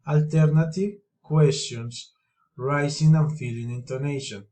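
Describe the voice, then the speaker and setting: A man's voice: medium pitch, a little slow, warm tone, low-quality recording. A man reading English intonation drills aloud, one sentence at a time, as a teacher demonstrating each pattern. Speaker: language teacher.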